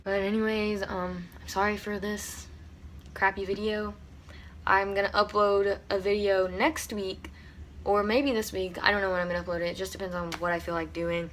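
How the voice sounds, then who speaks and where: A woman's voice: mid-range voice, flat delivery, normal speed, fairly bright tone, slight background noise. A teenage girl vlogging to camera from her room, rambling with lots of fillers and close to tears. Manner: rambling, tearful, many "like" fillers. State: on the verge of tears. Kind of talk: casual storytime vlog.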